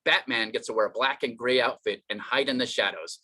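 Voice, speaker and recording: A man's voice: medium pitch, fairly quick, pushed and bright. A man doing an online stand-up comedy set, rambling and self-deprecating, with many fillers and restarts.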